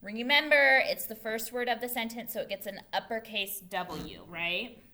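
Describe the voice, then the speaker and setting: A woman's voice: a little high, normal speed, bright, forceful tone. A young woman teacher giving a patient, carefully enunciated phonics lesson to young children. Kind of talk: early-grade phonics lesson.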